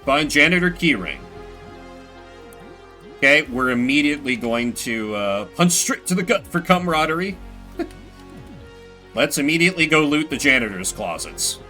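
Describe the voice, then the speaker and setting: Animated, bright-voiced man gaming. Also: a little high, normal speed, pauses often. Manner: animated, chatty, self-mocking. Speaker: streamer playing a horror game. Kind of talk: let's play commentary. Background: faint game music.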